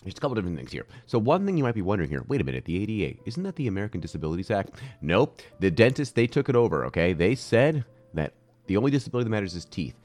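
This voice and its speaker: A man's voice: on the low side, big pitch swings, rapid-fire, darkish tone. A man co-hosting a casual chat podcast, joking and ranting with mock outrage and rambling asides. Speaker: podcast co-host.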